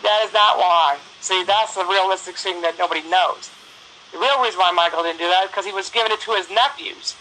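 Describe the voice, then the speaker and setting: A woman's voice: lowish voice, fairly quick, pushed and bright, a little hiss or hum, low-quality recording. A woman, talking bluntly and profanely in a casual phone chat, telling stories with quoted back-and-forth.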